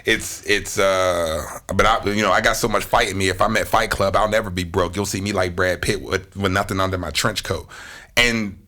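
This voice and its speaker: A man, a rapper guest on a podcast, chatting casually in slangy, animated talk, laughing often and slipping into freestyle rhymes. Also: low voice, normal speed. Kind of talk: casual chat.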